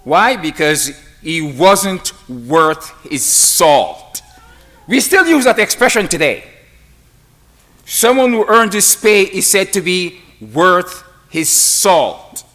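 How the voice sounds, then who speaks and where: A man preaching a sermon to a congregation, slow and emphatic, with dramatic pauses between phrases. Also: sits high, sing-song, bright, forceful tone.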